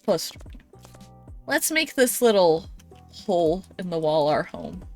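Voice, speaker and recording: A woman's voice: lowish voice, very animated, unhurried, darkish tone, faint music behind. A woman livestreaming a game, chatting casually, giggling often and reading chat messages aloud.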